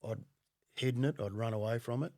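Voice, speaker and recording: Guest: Australian man, gravelly and blunt, profane storyteller, dry close mic. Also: mid-range voice, brisk, dark tone, dry recording. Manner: profane, blunt, laughs often. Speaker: podcast guest, former undercover cop. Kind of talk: casual storytelling.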